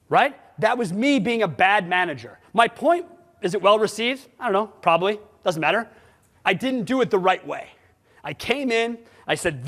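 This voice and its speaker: A man giving a conference talk, blunt and animated, throwing rhetorical questions at his audience. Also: sits high, normal speed. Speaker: sales management conference speaker. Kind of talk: conference presentation. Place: conference hall. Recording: long hall reverb.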